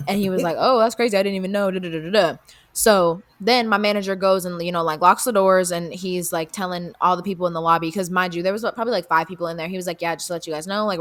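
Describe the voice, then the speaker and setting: A woman's voice: lowish voice, fairly bright tone. A young woman co-hosting a podcast, retelling a story casually with lots of fillers, swearing, and acted-out quotes. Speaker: podcast co-host.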